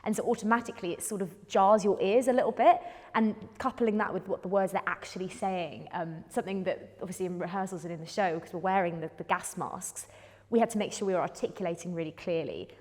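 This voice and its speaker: British actress chatting about her role, lowish voice. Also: fast talker, a little mellow. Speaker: actor. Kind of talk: discussing a play. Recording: roomy hall reverb.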